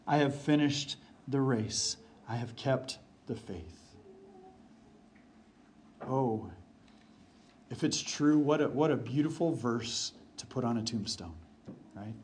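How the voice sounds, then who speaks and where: A man preaching a sermon as pastor, repeating phrases for emphasis and dropping low and quiet when reading verses. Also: slight background noise. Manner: varies pace and volume, drops low for quoted verses.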